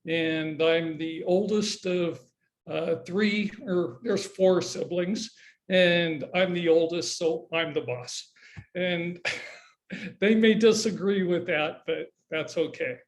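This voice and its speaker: An older man from Southern California giving a personal introductory speech, with hesitant pauses and fillers, over a video call. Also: sits high. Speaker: demonstration speaker.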